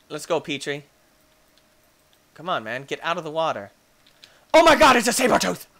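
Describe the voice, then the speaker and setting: A man hosting a gaming channel, giving excitable Let's Play commentary and cooing baby talk at his pets. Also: a little high, a little slow, pauses often.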